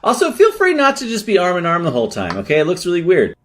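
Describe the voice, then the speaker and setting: A man's voice: high-pitched, wildly swooping pitch, fast, fairly bright tone, a little hiss or hum, heavily acted. A man playing a frustrated director who scolds AI actors with sarcastic commentary. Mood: exasperated. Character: exasperated director of an AI horror shoot.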